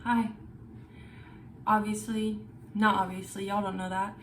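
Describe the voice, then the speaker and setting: A young woman gushes about her books in a casual home vlog. She talks in loose bursts, swears freely and trips over her own sentences. Her voice sits at a middling pitch for a woman. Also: level tone, unhurried, a little hiss or hum. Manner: gushing, profane, rambling with restarts. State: feeling unwell. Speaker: book vlogger. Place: bedroom at home.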